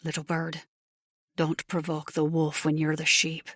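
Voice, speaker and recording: A woman voicing a menacing biker man who talks low and mocking, at times half-whispering. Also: level tone, moderate pace, no echo, clean studio sound.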